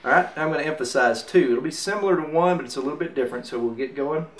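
Speaking very fast in a slightly high voice, a man gives an easygoing mandolin rhythm lesson, counting beats aloud as he plays. The recording is off-mic and roomy, with mandolin in the background.

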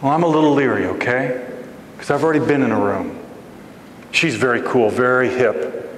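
A man giving a storytelling sermon as a guest preacher, animated and acting out voices in his story, recorded in a church sanctuary. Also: mid-range voice, moderate pace, a little hiss or hum. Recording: echoey church hall with faint ambience.

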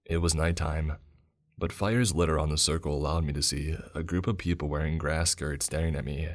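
A man reading a first-person horror story as scripted narration, in a steady, measured storytelling manner. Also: very deep voice.

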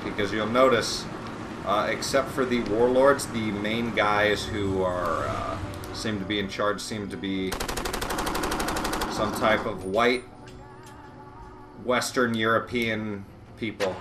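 Male let's play host, lowish voice, rambling and sarcastic, over noisy game audio. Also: takes it slowly, long pauses. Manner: rambling, sarcastic, bursts into loud excited shouts during fights. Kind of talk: casual gameplay commentary. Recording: game audio and noise behind the voice.

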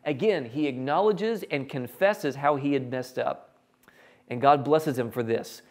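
A man preaching a sermon, animated and jokey, acting out characters in quick quotes. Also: medium pitch. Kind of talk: sermon with acted Bible quotes.

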